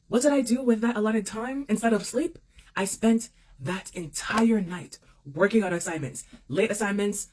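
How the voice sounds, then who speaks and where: A young woman casually telling a personal story to camera, expressive and repeating phrases for emphasis. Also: medium pitch, breathy edge.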